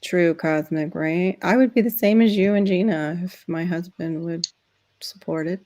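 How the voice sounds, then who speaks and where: A woman's voice: lowish voice, normal speed, mellow, no room sound. A woman hosting a casual video-call chat show, talking about gardening and laughing often. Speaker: host.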